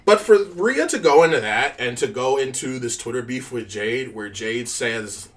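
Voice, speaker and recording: A woman's voice: rumbling low, expressive, moderate pace, distant mic. A woman co-hosting a casual podcast chat, blunt, profane and opinionated. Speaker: podcast co-host.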